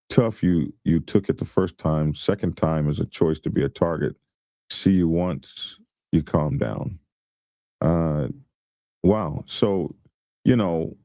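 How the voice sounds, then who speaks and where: A man's voice: sits low, gravelly, mellow, no echo. A man hosting a show, giving rambling casual commentary and reading viewer comments aloud. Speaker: host.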